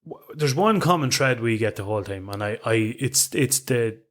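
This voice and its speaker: Blunt, laughing Irish podcast co-host. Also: male voice, mid-range voice, animated, moderate pace, a bit bright. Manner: blunt, laughs often, heavy swearing. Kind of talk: casual chat.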